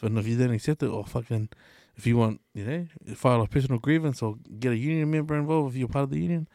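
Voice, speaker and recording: A man's voice: mid-range voice, quick pace, hardly any pauses, dark tone, no echo, studio quality. A man co-hosting a podcast, telling workplace stories in casual chat and swearing freely. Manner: swears freely, tells stories acting out quotes. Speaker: podcast co-host.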